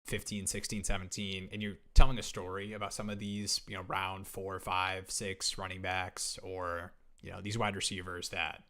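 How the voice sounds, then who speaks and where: A man with a fairly low voice co-hosts a live fantasy football stream, trading jokes and wandering into asides. He chats loosely and casually, close to a desk mic at home. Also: little pitch movement, moderate pace, few pauses, bright, forceful tone. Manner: joking, laughs at his own lines, rambling asides.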